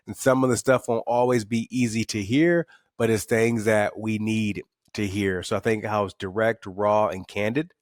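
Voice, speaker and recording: A middle-aged man, talking in a podcast interview. His voice sits low and is recorded close and dry, with no room around it. He tells stories candidly, often repeating words as he builds up energy. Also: dry recording. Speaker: guest, author and speaker.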